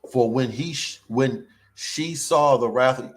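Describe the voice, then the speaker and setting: A man giving an informal scripture sermon in casual slang, swinging between loud emphatic bursts and low mutters and drawing words out slowly. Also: a little hiss or hum, poor audio. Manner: stretches words out slowly for effect. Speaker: preacher.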